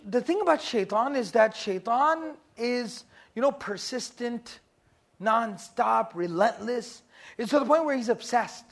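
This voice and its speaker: A man giving an Islamic lesson to a group, speaking casually, asking questions and acting out stories. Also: very high-pitched. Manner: casual, asks the audience questions, acts out stories. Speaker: religious teacher. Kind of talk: Islamic lecture to a class.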